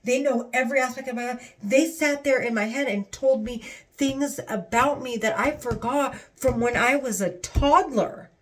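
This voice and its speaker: A woman's voice: sits high, normal speed. A woman talking to camera in an agitated, rambling, profane monologue, full of restarts. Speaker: vlogger.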